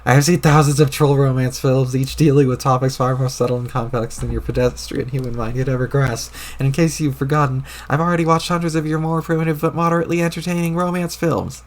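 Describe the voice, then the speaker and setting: A man voicing a loud, short-tempered young male troll who rants crudely, read aloud from a webcomic on stream. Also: mid-range voice, level tone, fast, hardly any pauses, close to an everyday voice. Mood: pompous. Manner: shouty, indignant, crude rants.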